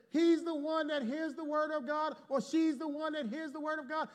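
A man preaching a sermon to a congregation, calling for responses and swinging from loud to hushed. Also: extremely high pitch, moderate pace, few pauses. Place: church before a congregation.

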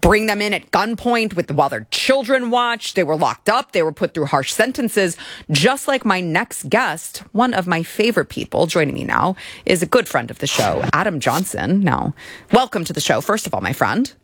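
A woman's voice: fairly low pitch, big pitch swings, normal speed, no room sound, studio quality. A woman hosting a political talk show, speaking in a sarcastic, mocking way. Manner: sarcastic, mocking impressions of opponents.

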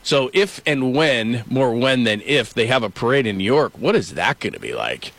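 A middle-aged man hosting casual sports talk who tells stories in an animated way. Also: mid-range voice, moderate pace, no room sound. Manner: storytelling, animated.

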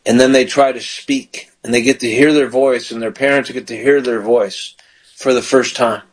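A man's voice: medium pitch, steady tone, normal speed, rough recording. Male pastor-host, fervent call-in prayer, mid-range voice. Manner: fervent, prays aloud in bursts of praise. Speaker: radio show host and pastor. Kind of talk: call-in prayer radio show.

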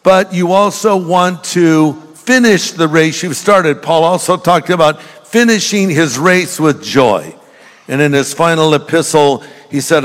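Older male pastor, folksy storytelling sermon, slightly high voice, reverberant hall. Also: unhurried, fairly bright tone.

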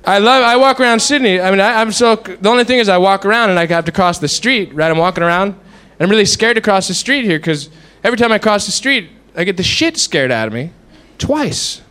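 A man's voice: sits high, animated, fairly quick, a bit bright, clean tone. A man doing a rambling, self-mocking stand-up comedy set on stage.

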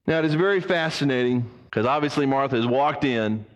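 A man preaching a sermon as pastor, animated, acting out the people he quotes. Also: medium pitch, a little fast, lo-fi sound. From United States. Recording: long reverb of a church hall.

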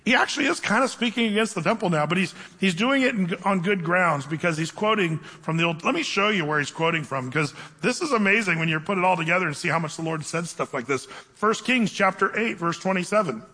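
A man delivers a lively, conversational sermon in a fairly high, bright voice. His words carry a long reverb from the hall around him, and he slows down deliberately when reading scripture. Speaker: pastor. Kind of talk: sermon Bible teaching.

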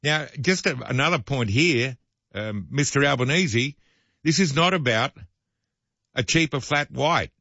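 A man's voice: medium pitch, expressive, unhurried, sharp tone, dry recording, highs cut off. A man hosting talk radio, reading news items and adding sardonic, opinionated asides. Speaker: radio host.

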